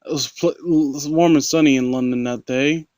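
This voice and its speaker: Reading a horror story aloud into a close home mic, a man with a mid-range, slightly mellow voice keeps fairly even intonation at a moderate pace. As narrator and critic, he stumbles, restarts often, and mocks the text with sarcastic asides. There's no room sound.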